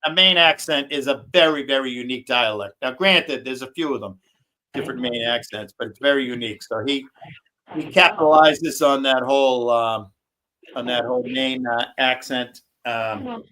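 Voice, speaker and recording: A man's voice: medium pitch, moderate pace, pushed and bright, a little hiss or hum, low-quality recording. A man hosting a livestream, chatting casually in a rambling, profane way. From New England. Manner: rambling, profane, swears freely. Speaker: livestream host. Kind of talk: casual chat.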